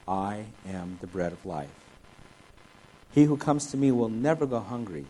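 A man's voice: on the low side, dark tone, slightly rough, poor audio. A man preaching a sermon, reading scripture aloud and explaining it verse by verse. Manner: expository, reads scripture aloud then explains it. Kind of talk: sermon, Bible teaching.

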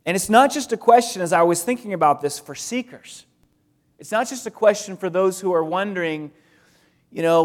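A man's voice: sits high, moderate pace. A man preaching an expository sermon to his congregation in a conversational way, repeating phrases for emphasis. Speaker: pastor. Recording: long reverb of a large hall.

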